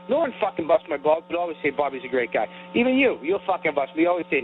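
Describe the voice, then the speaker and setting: A man with a high voice and a New York accent rants in a heated, profane way on a comedy podcast. The sound is thin and tinny, like a phone line. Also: sing-song, very fast, faint music behind. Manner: profane, heated, self-described sensitive. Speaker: podcast co-host. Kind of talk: ranting comedy banter.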